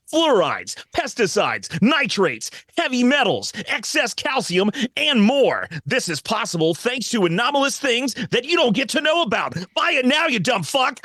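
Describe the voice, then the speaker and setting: A man improvising a brash mock sales pitch as a player in a comedy tabletop game. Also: sharp tone, no echo. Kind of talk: improvised comedy role-play.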